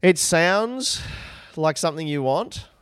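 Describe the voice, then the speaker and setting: A man's voice: a little high, lively intonation, takes it slowly, a bit bright, smooth, dry recording. A man co-hosting a podcast, teasing his friend with dry, sweary jokes. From outside the UK. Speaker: podcast co-host. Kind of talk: casual podcast banter.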